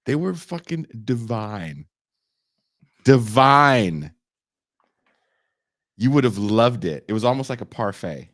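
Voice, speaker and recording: Animated, profane young man podcasting. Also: mid-range voice, slow pace, long pauses, no echo, studio quality. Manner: animated, profane storytelling with laughter and put-on voices. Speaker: podcast co-host. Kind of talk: casual podcast banter.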